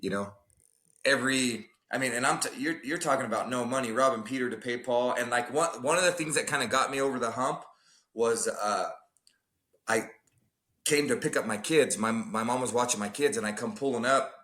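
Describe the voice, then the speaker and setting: Bright-voiced guest from Arizona. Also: male voice, mid-range voice, a little fast. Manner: blunt, heavy swearing. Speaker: podcast guest, gym owner. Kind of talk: casual storytelling.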